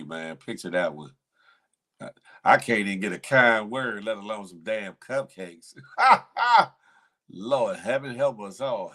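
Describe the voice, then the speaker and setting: A man's voice: fairly low pitch, a bit bright. A man hosting a live morning show, casually chatting and reading viewer comments with playful banter, frequent laughter and slangy speech. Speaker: show host.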